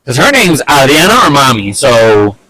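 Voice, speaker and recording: A young man casually telling a personal story on a vlog, animated and exasperated, with lots of fillers and swearing. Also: medium pitch, normal speed, dry recording, low-quality recording. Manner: animated, fed-up retelling full of fillers and swearing.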